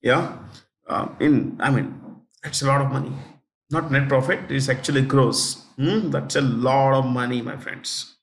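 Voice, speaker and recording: A man teaching a current affairs lesson, repeating key figures slowly so students can write them down. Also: mid-range voice, steady tone. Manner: repeats key facts slowly for note-taking. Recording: echoey room.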